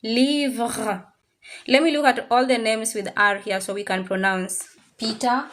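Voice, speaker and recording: A woman teaching a French class, drilling words slowly and repeating them, now and then mixing in Swahili phrases. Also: fairly high pitch, steady tone, fairly bright tone. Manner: slow, repetitive drilling of words. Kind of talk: classroom language lesson.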